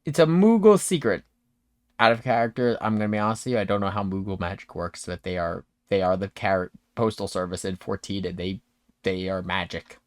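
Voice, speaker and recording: A man's voice: low-pitched, little pitch movement, a little fast, no room sound. Laid-back man running a tabletop game. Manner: laid-back, rambling, with self-corrections. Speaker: game master.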